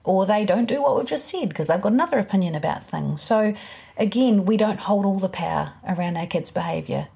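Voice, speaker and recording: A woman speaking as a parenting expert, explaining in a relaxed, practical, conversational way. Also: mid-range voice, brisk, creaky. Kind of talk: explanatory interview talk.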